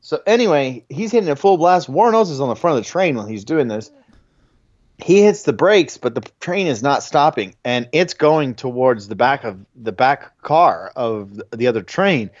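A man's voice: mid-range voice, animated, moderate pace, dry recording. Male podcast host, rambling storyteller, dry muffled mic sound. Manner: anecdotal, many restarts and fillers. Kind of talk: casual film chat.

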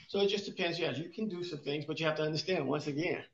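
Speaking fast in a slightly high voice, this podcast co-host and exercise expert casually explains exercise, often restarting and questioning himself rhetorically. There's a little hiss or hum, and the recording is roomy, dull and lo-fi.

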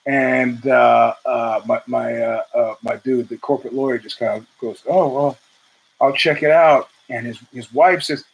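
This podcast host speaks unhurriedly with fairly even intonation and a creaky, slightly rough voice, captured on poor audio. On his own show he rambles casually, swearing, restarting, wandering into asides, and voicing quotes at a higher pitch.

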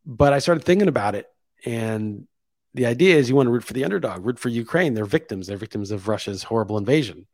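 A man of ordinary pitch talks through his views in a loose, musing monologue. He thinks aloud and climbs higher and louder to hammer home a point. The sound is dry and close, with no room echo. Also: expressive, fast talker. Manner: opinionated, thinking aloud, rising emphasis on key points. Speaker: podcast host. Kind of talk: casual opinion monologue.

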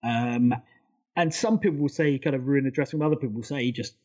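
A man co-hosting a casual football podcast, talking quickly and eagerly through detailed points. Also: medium pitch, a little mellow, dull audio. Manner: fast, enthusiastic, detailed storytelling. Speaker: podcast co-host.

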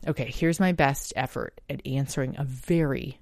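Woman, podcast host, low voice, impassioned monologue, emphatic. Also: normal speed, darkish tone, dry recording, studio quality. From United States. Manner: earnest and emphatic, swearing at times.

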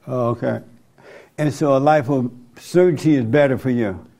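Male interviewer, mid-pitched, persistent and probing. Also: moderate pace, dark tone. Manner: presses with repeated questions.

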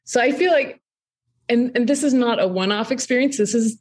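A woman's voice: fairly high pitch, moderate pace. A woman in her thirties, a podcast guest and camp co-founder, telling a story in a thoughtful, conversational way with frequent ums. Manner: thoughtful, frequent ums, animated when retelling.

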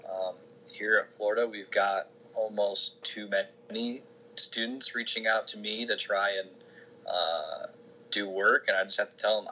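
A man talks through his career in a relaxed, rambling way, circling back and restarting his sentences. His voice sits a little low but has a bright, forceful edge. A faint background hiss runs under the recording. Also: moderate pace, rough recording. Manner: rambling, many restarts and fillers. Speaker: sports information director, podcast guest. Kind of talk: casual interview answers.

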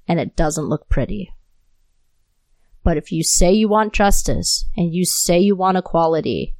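A woman's voice: on the low side, a little mellow, dry recording. Angry, profane woman on a podcast. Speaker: podcast host. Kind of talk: solo podcast monologue. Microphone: new podcast mic.

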